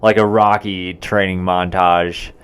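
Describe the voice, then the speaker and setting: A man talks through a film's plot on a podcast in a relaxed, casual way. He speaks slowly, pausing often with "um" and "uh". His voice is smooth and clear and sits a little low. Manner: unhurried, hesitant with many fillers. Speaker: podcast co-host. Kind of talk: casual movie recap chat.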